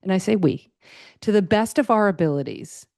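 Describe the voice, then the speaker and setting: A middle-aged woman hosting a casual solo podcast, talking excitedly in a loose, rambling way with lots of fillers and restarts. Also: mid-range voice, normal speed, creaky, no room sound, studio quality. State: a little choked up, tired. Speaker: podcast host.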